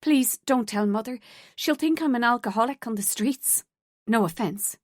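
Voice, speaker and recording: A woman's voice: fairly high pitch, normal speed, no echo, studio quality, close to an everyday voice. A woman narrator voicing a shy, socially awkward young woman. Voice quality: timid and blunt.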